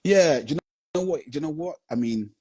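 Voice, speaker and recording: A man's voice: on the high side, animated, fairly quick, dark tone, breathy edge. A man, a film director and guest on a live video chat, telling his story earnestly and often asking whether you follow him. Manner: earnest storytelling, heavy with "you know what I'm saying". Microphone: phone on a live video stream.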